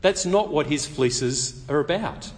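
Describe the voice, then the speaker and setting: A man preaching a sermon, telling the story lively and acting out the quotes. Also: fairly high pitch, measured pace, long reverb tail.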